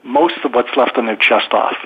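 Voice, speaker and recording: A man's voice: mid-range voice, moderate pace, breathy edge. A man hosting a podcast, explaining communication techniques in a thoughtful way and acting out example phrases. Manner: thoughtful, frequent restarts, acts out example phrases. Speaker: podcast host, psychiatrist. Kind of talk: conversational advice talk. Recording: phone-line sound.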